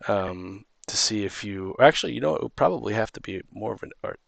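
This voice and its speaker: A man's voice: fairly low pitch, expressive, fairly quick, creaky, no echo. A man running a tabletop game as dungeon master, rambling with many restarts and ums.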